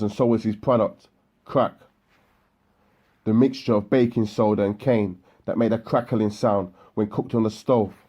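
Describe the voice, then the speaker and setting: A man reading an audiobook in a steady, matter-of-fact narration. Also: fairly low pitch, highs cut off. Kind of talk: scripted narration. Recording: electronic music bed underneath.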